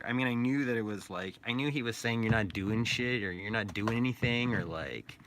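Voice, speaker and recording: A man rambles playfully in a casual vlog, his slightly low voice carrying a bright, forceful edge. A faint room hum sits behind him. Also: expressive, fairly quick, hardly any pauses. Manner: rambling, playful, joking aside. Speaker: toy artist and painter.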